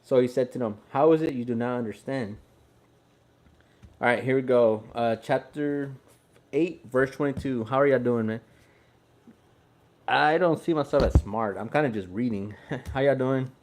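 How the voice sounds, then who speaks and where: A man's voice: mid-range voice, normal speed, long pauses, darkish tone. A man from Texas, reading the Bible aloud in a laid-back, chatty way and explaining it as he goes. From Houston, Texas. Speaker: Bible reader. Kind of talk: casual Bible reading with commentary.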